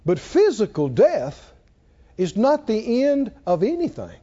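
A man preaching a sermon to a congregation, slow and measured, building up to shouted exclamations. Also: high voice, huge pitch swings, husky. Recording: dull lo-fi recording.

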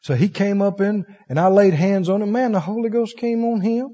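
Brief: male preacher, high husky voice, lively pitch, dull reverberant church recording. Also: normal speed. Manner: animated storytelling, acts out voices, laughs often. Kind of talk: sermon.

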